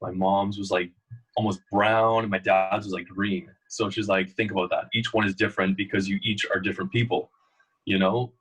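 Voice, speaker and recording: A man's voice: deep voice, level tone, moderate pace, fairly bright tone, slightly rough, rough recording. A young man, a guest in a casual interview, telling rambling stories full of fillers. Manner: storytelling, loose and rambling with many fillers.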